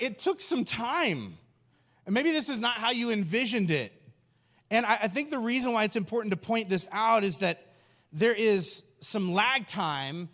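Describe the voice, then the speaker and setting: A man in his thirties delivers a sermon from the stage, breaking into playful impressions to make his point. His voice sits high, and a long reverb trails behind every phrase, as if it carries through a large hall. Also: fairly bright tone. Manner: humorous, acts out voices of people and Jesus. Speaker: pastor.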